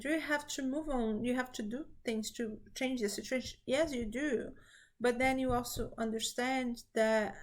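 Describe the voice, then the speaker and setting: Woman, non-native english speaker, fairly high voice, earnest, reassuring spiritual chat. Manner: earnest, reassuring, repeats key phrases; speaks English as a second language. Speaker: spiritual reading channel host. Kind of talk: casual spiritual talk to camera.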